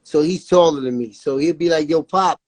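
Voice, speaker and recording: A man's voice: fairly high pitch, brisk, darkish tone, dry recording. A man talking as an interview guest about his jailed son, earnest and repetitive, often saying "you know what I'm saying". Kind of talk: emotional interview talk.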